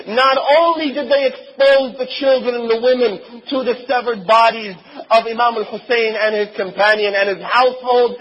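A man's voice: very high voice, husky, highs cut off. A man preaching a sermon, telling a story with strong emotion and breaking into chanted lament.

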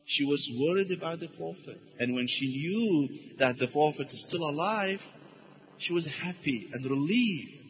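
A man's voice: fairly high pitch, expressive, a little slow, fairly bright tone, long reverb tail, muffled recording. A man giving a religious lecture and taking questions, telling stories earnestly and using Arabic phrases.

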